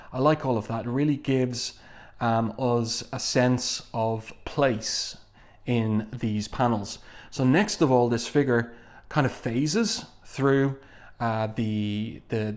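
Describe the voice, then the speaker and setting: A man talks his way through a comic issue in a loose, unscripted way, stopping often for an "uh" or "um". His voice sits at a middle pitch and he reads the quoted lines in his own plain voice. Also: a little mellow. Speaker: comics reviewer. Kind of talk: casual reading and commentary.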